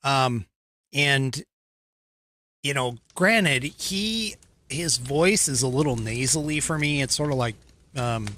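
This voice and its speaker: An American man hosting a podcast, talking in a casual, halting way with many restarts. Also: medium pitch, pushed and bright. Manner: halting, restarts, self-deprecating. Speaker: podcast host. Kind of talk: casual commentary.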